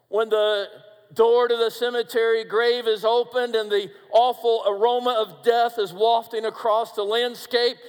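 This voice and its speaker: A man preaching a sermon, calling his listeners friends, dramatic and shifting between booming and hushed delivery. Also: clean tone, long reverb tail. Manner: addresses listeners directly as friends.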